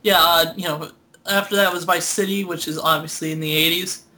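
Bright-voiced young man chatting loosely. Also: a little high, fairly even intonation, a little fast. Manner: rambling, laughing, swearing often. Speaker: podcast co-host. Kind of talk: casual chat.

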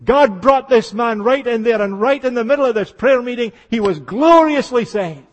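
An older man preaches with a high, ringing voice that fills a large hall with long reverb. His revival sermon flows as passionate storytelling, sinking to near-hushed tones before rising into fervent exclamations. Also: lively intonation, normal speed, lo-fi sound.

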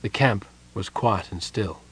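A male audiobook narrator reads a fantasy novel with steady, even storytelling. His voice sits on the low side with a husky grain. The delivery stays composed throughout. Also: a little slow. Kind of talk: scripted narration.

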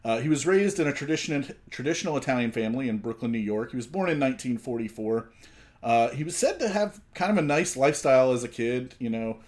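A man's voice: mid-range voice, expressive, fast talker, a little mellow. A man co-hosting a podcast in easygoing casual chat, chuckling between lines and reading background facts. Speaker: podcast co-host. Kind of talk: casual chat with scripted segments.

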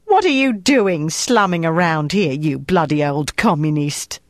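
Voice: mid-range voice, animated, measured pace, no echo, studio quality, natural voice. A narrator voicing a brash, haughty woman with a Cockney accent polished by elocution lessons. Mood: arch, haughty. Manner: arch and haughty.

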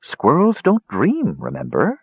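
Casting: male reader voicing a kindly purring house cat, coaxing and husky, storybook audiobook. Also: fairly high pitch, huge pitch swings, unhurried, no room sound, narrow, tinny audio, voice pushed up, exaggerated voice. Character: gentle, watchful male cat who purrs.

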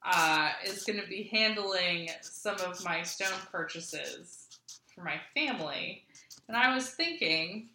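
A woman's voice: medium pitch, natural voice. A woman playing a friendly, persuasive male merchant ally in a tabletop game. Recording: echoey room with loud hiss.

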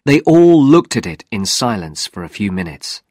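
A man narrating a graded reader story in a slow, clear, deliberate way. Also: on the low side, sing-song, a little mellow, no echo, studio quality.

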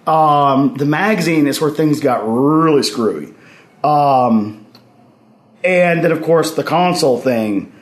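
A man telling anecdotes as a podcast guest in a lively way, acting out what others said and laughing along. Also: on the high side, slow pace. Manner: animated anecdotes, acts out others' lines, laughs while telling. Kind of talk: storytelling in casual conversation. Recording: roomy echo.

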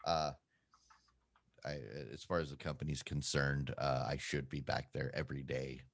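Here a male co-host on a podcast chats casually, rambling and self-deprecating, with quick pitch jumps. His delivery is flat, and the recording is dry.

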